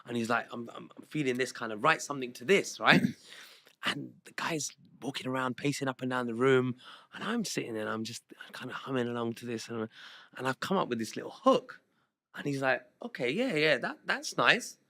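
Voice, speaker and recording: Man, guest storyteller, chatty, re-enacts dialogue, slightly worn voice, bright tone. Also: mid-range voice, a little fast. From Southall, London. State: slightly worn voice after shows. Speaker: guest singer. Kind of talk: casual storytelling interview.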